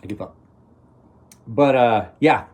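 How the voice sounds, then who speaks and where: Talking slowly in a mid-range voice with background noise present, a middle-aged knife channel host chats casually on a live stream. He meanders, keeps starting his sentences again, and chuckles to himself.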